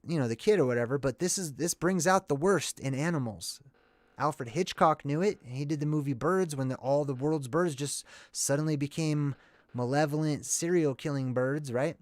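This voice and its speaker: Chatty excitable man, slightly high voice. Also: no echo, studio quality. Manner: chatty, excitable, rambling explanations. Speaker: movie commentary host. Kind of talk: casual video commentary.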